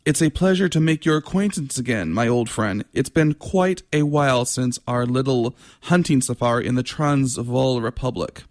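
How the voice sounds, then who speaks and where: A man voicing a suave, confident adventurer with a duelling scar, speaking in a courteous, smooth way. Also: mid-range voice, moderate pace, few pauses, no echo, clean studio sound, lightly acted.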